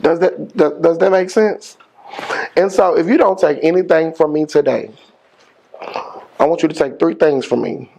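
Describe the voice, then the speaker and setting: A middle-aged man, a school principal giving an energetic motivational speech with call-and-response and slangy phrasing. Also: a little high, normal speed, creaky, pauses often, a little hiss or hum. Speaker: high school principal, guest speaker.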